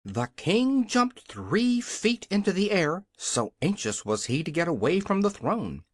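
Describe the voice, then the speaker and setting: An audiobook narrator reading a children's fantasy story in an expressive storytelling way. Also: medium pitch, measured pace, no room sound. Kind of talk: scripted narration.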